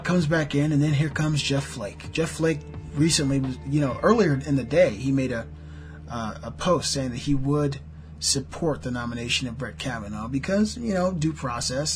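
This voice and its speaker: A middle-aged American man ranting heatedly about politics, sarcastic and full of profanity. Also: mid-range voice. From United States. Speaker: political commentator. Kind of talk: angry political rant vlog.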